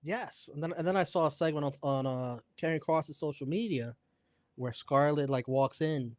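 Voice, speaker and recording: A man co-hosting a casual review show, talking in a lively way and laughing easily. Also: a little high, normal speed, no room sound. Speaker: podcast co-host. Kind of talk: casual wrestling review chat.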